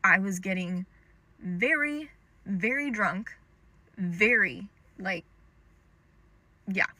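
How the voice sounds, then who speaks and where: A young woman with a bright, clear voice tells a personal story straight to the camera. She talks in a loose, chatty way, with lots of "um" and "like" as she goes. The sound is close and dry, with no room echo. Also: medium pitch, animated, extremely slow. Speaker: storytime creator. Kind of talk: casual storytime monologue.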